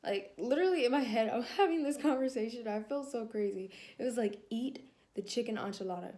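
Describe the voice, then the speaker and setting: A young woman telling a personal story to camera in a casual vlog, animated and laughing as she acts out her own thoughts. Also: a little high, fairly quick. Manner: animated, laughing, acting out her inner dialogue. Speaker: vlogger.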